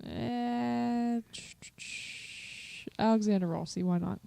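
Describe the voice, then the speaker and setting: A woman's voice: on the high side, slow, vocal fry, warm tone. A woman co-hosting a podcast in casual chat, speaking hesitantly with many fillers. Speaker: podcast co-host.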